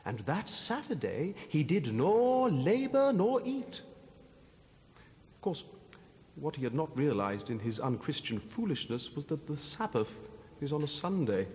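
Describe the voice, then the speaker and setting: A man telling a comic story in a deadpan monologue. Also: on the high side, unhurried, big-room sound. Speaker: comedy narrator.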